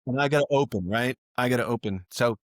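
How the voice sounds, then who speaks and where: A fast-talking podcast guest, a stand-up comedian with a mid-range voice, launches into a long, casual tale and brings it to life by imitating the people in it. It's a dry, studio-quality recording.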